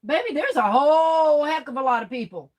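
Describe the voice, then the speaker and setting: A woman's voice: high-pitched, expressive, brisk. A middle-aged woman, chatting casually on a livestream and reading viewer comments aloud, laughing often and calling people baby and girl. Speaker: livestream host.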